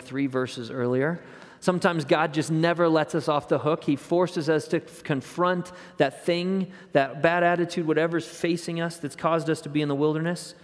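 A male pastor preaching a sermon, telling the story in a conversational way and dropping to hushed tones for emphasis. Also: on the high side, in a large hall.

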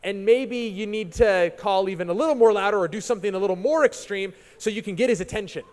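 A man's voice: high-pitched, expressive, moderate pace, a little mellow. A man voicing a bold, sarcastic male prophet of old, taunting and challenging rivals in a retelling. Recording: long reverb of a large hall.

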